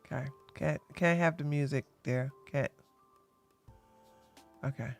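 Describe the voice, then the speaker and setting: A woman's voice: sits low, fairly even intonation, takes it slowly, vocal fry, soft background music. A woman hosting a live-stream reaction podcast, taunting and laughing gleefully. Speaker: podcast host.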